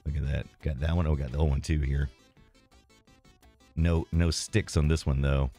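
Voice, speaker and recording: A man's voice: extremely low pitch, steady tone, moderate pace, warm tone, faint music behind. A man streaming retro games, rambling casually and self-deprecatingly as he reads and answers his chat.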